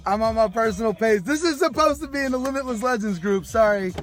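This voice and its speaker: A man's voice: very high voice, fast, faint music behind. A man coaching on a live stream, hyped and street-casual, swearing freely and calling his viewers "man" and "baby". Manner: loose and unpolished, swears freely. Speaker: life coach. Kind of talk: live-streamed motivational talk.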